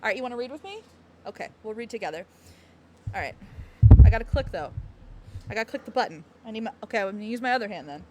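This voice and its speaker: High, lively giggly woman streamer. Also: fast talker, long pauses, heavy background noise. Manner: giggly, rambling, talks to chat. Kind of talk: casual live-stream chat.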